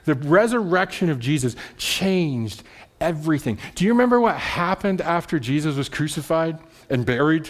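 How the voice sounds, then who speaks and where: A pastor giving a sermon, retelling a story in a casual, conversational way and often checking in with "right?". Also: male voice, sing-song, normal speed. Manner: drops soft and low at solemn moments.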